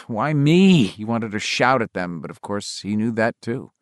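An audiobook narrator, a man with a fairly low voice, reads a novel in a measured and expressive way. The sound is clean studio quality with no echo.

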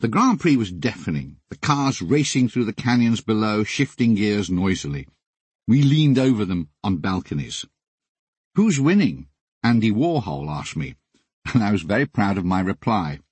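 Brief: husky older man, dry close recording, lively wry memoir delivery. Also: lowish voice, normal speed, no echo. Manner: wry, deadpan comic storytelling. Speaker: memoir narrator. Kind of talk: audiobook memoir narration.

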